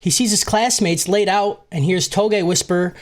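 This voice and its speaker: A man's voice: high-pitched, steady tone, normal speed. A man casually recapping an anime film on a podcast, swearing a lot and jokingly acting out the characters. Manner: profane, jokey, acts out characters in silly voices. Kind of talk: casual comedic chat.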